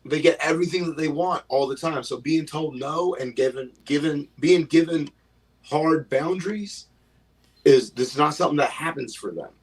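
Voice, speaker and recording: A man's voice: fairly high pitch, moderate pace, husky, recorded from a distance, low-quality recording. A man, a stand-up comedian, telling rambling, profane stories in casual chat.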